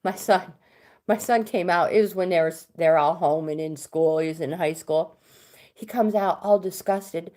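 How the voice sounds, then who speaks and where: A woman's voice: on the low side, moderate pace, a little mellow. Middle-aged woman, chatty livestream host reading cards, casual. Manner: chatty, reads viewer comments aloud. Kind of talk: casual live chat.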